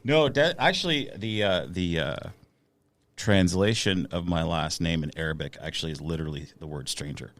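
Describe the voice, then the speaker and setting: A man's voice: low voice, normal speed, a bit bright, no room sound. A man in his thirties, a musician guest on a casual podcast, talking with hesitant fillers and restarts.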